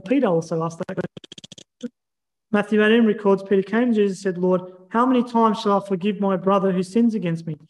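An earnest male preacher with a notably high voice. He teaches in a measured way and reads scripture aloud as he goes. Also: rough recording. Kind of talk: sermon.

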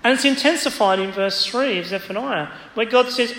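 With an extremely high, sharp voice at normal speed and few pauses, a man teaches through a Bible passage in an expository church sermon, quoting the text emphatically. The hall around him is echoey, carrying faint ambience.

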